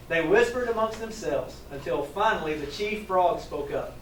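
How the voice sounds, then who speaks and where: A teacher trainer with a high-pitched voice reads a picture book aloud to children at a moderate pace, barely pausing, and stops to ask them questions. He's animated and chuckles along. The echoey room, distant mic, and faint ambience add slight background noise.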